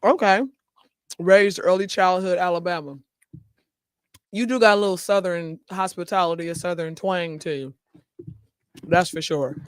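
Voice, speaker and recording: A man's voice: high voice, normal speed, long pauses, clear, resonant tone, no echo. Chatty male talk show host, dry sound. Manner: chatty, laughs often, talks to viewers directly. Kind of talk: casual chat, reading viewer comments aloud.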